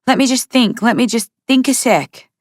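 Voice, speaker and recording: A woman's voice: on the high side, expressive, moderate pace, no room sound, clean studio sound, voice pushed up. A woman voicing a jittery, anxious young man who pleads tensely.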